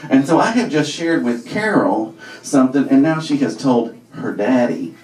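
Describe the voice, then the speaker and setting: A man from Alabama tells a funny story with a lively, swinging delivery. He talks in a wry, loose way, full of ums and asides. His voice sounds roomy and a bit distant, like a stage mic in a hall. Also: mid-range voice, moderate pace. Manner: lively, wry, conversational with many fillers. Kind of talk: live comic storytelling. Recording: echoey room, voice from far off.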